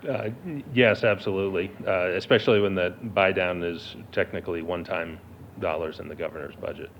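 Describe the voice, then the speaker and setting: A man's voice: low voice, steady tone, brisk. A man presenting to a school board, answering questions hesitantly with many fillers. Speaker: district finance staff presenter. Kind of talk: answering questions at a public meeting. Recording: dull lo-fi meeting audio with faint noise.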